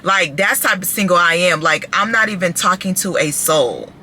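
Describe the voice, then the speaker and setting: A woman vlogging casually to her phone camera, animated and chatty, calling her viewers "baby" and "child.". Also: on the low side, moderate pace, slight background noise.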